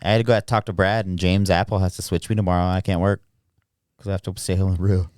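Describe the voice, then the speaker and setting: A man hosting a podcast, talking in blunt casual chat full of swearing and quick restarts. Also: low-pitched, flat delivery, darkish tone, clean tone, no room sound, studio quality. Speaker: podcast host.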